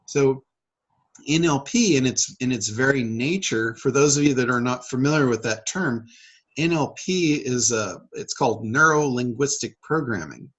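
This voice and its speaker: Husky-voiced man on a coaching call. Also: medium pitch, expressive, moderate pace, fairly bright tone, rough recording. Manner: conversational, rambling with many fillers and restarts. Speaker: public speaker and sales trainer.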